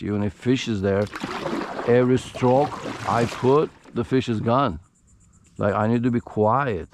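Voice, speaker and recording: Slow-talking gravelly man on a kayak. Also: fairly low pitch, a little mellow, a little hiss or hum. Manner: frustrated, chatty, addressing viewers directly. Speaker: fishing vlogger. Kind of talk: casual vlog commentary. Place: outdoors on a kayak on a shallow lagoon.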